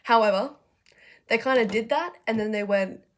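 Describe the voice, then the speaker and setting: A young woman casually retelling history in a slangy, profane, chatty way, hosting a video essay. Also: fairly high pitch. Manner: profane, chatty, acts out figures in quick asides.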